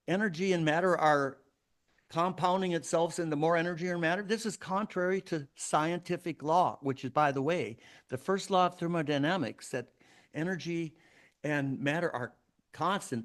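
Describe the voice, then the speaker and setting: A man hosting a solo podcast, arguing his points in an emphatic, preachy way. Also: fairly high pitch. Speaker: podcast host.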